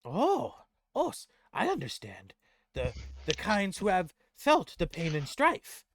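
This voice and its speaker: A man voicing an excitable, humble little male goblin who talks in broken grammar. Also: slow, no room sound, clean studio sound, exaggerated voice. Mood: eager. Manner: squeaky, broken grammar, gushing. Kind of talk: tabletop role-play voice.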